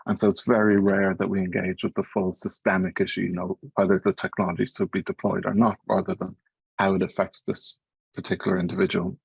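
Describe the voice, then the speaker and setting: An Irish man speaking in an earnest, explanatory way at a panel talk, moving along quickly. His voice sits very low with a gravelly, husky edge. The sound is dry and close. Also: flat delivery, no echo, low-quality recording. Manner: fast-paced, earnest, explanatory. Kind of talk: academic talk.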